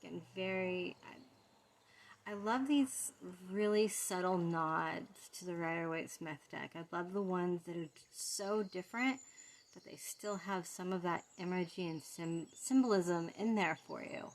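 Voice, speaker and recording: A woman giving a casual walkthrough of a tarot deck, soft-spoken and fond as she muses over each card. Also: on the low side, a little slow.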